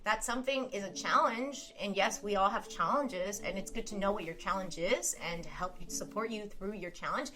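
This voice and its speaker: A woman's voice: medium pitch, brisk, few pauses, pushed and bright. A woman chatting casually on a live stream, reading out viewer comments, laughing often and swearing now and then.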